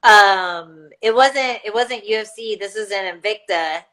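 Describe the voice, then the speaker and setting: A woman's voice: mid-range voice, measured pace, a bit bright. A woman guest telling a casual story, laughing often and filling with "like.". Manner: laughs often, filler-heavy "like". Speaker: guest fighter.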